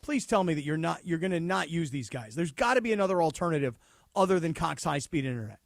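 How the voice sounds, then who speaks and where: A man bantering on a radio studio mic, with emphatic reactions and exasperated asides. His voice sits high for a man. The sound is close and dry. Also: animated, quick pace, creaky, no room sound. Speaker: radio sports talk co-host. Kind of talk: casual radio talk banter. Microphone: studio broadcast mic.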